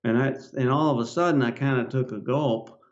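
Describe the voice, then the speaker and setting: An older man, a podcast guest, telling a personal story in a casual, halting way, with lots of filler words. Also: medium pitch. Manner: rambling, halting, with many "you know" fillers. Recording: slightly dull lo-fi audio.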